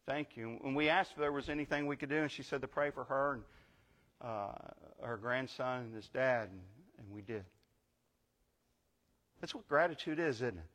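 A man's voice: mid-range voice, moderate pace, long pauses, fairly bright tone, long reverb tail. An older man giving a sermon as guest pastor, telling a story conversationally and building to emphatic preaching. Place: church sanctuary.

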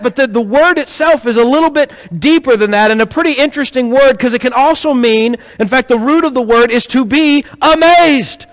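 A man preaching a sermon to a congregation, telling stories with rhetorical questions in an animated way. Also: extremely high pitch, normal speed. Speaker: pastor. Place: church hall with congregation. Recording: echoey hall.

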